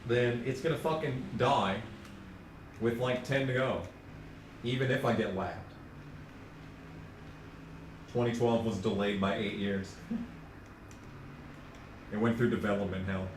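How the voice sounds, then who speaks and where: Young dude streamer ranting, lots of swearing, echoey room, bit of background hiss. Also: male voice, on the low side, fairly even intonation, measured pace, long pauses. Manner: sarcastic, profane, ranting. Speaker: game streamer. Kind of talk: casual gaming commentary. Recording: echoey room, distant mic, faint noise.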